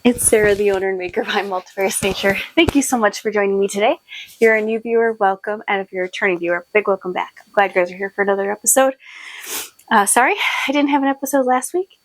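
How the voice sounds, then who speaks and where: A woman's voice: mid-range voice, quick pace, poor audio. A woman hosting her own podcast, chatting casually and rambling a little, short on sleep. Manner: chatty and rambling, with many fillers and laughs. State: sleep-deprived. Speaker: podcast host and shop owner. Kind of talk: casual chat to camera.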